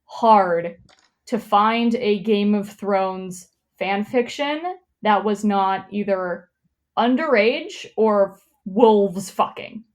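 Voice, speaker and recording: A woman's voice: mid-range voice, drawn-out words. A woman hosting a comedy podcast, chatting loosely with lots of swearing and laughter, then reading a story aloud. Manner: chatty, profane, laughs often, rambling. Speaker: podcast host.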